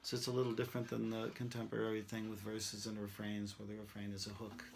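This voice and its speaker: A man's voice: lowish voice, completely flat delivery, fast talker, creaky, slight background noise. A man teaching songwriting, thinking aloud as he tries out rhymes and sung lines over a guitar. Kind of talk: songwriting demonstration, talking and singing.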